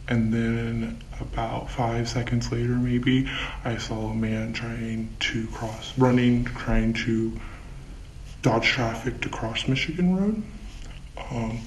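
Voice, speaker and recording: A man interviewed as a witness, his voice electronically altered to disguise him. He speaks slowly and haltingly. The recording sounds roomy, with faint background noise. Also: medium pitch, darkish tone. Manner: slow, halting recollection.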